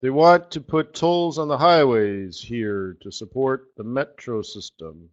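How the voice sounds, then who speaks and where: Host of a markets webinar, male, mid-pitched, wry and rambling, muffled lo-fi sound. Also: a little slow. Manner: sarcastic, joking, rambling asides with laughs. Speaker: forex market strategist hosting a live webinar. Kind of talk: live trading webinar commentary.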